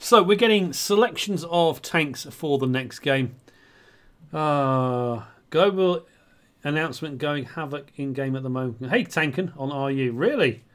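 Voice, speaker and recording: A man's voice: a little high, expressive, unhurried. A man, commentating on a live online tank match as the stream host, flustered and apologetic. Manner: flustered and apologetic, self-mocking. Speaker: esports caster and streamer.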